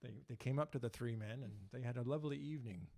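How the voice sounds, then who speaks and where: Relaxed man co-hosting a choir stream. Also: mid-range voice, fast talker. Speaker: choir co-host. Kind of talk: casual live-stream chat.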